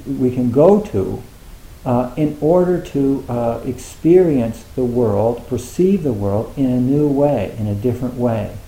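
Mellow-voiced man teaching Zen, roomy echo. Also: medium pitch. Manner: conversational, acts out students' thoughts, many fillers. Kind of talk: dharma talk.

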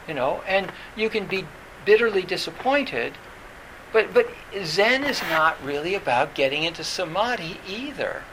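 A man teaching as a Zen teacher in a dharma talk, halting and full of fillers and restarts. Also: a little high, sharp tone, slight background noise, low-quality recording.

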